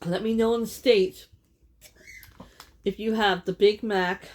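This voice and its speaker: A woman's voice: mid-range voice, steady tone, takes it slowly, darkish tone. A woman chatting casually while eating on camera, laughing often and correcting herself mid-sentence. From Canada. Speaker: vlogger. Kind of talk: casual mukbang chat.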